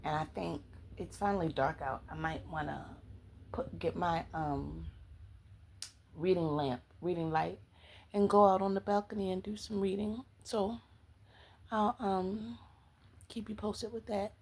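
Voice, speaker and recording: A woman's voice: medium pitch, fairly even intonation, measured pace, creaky, long pauses, a little mellow, rough recording. A woman book vlogger in casual, chatty talk with sassy asides, at home. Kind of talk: casual chat.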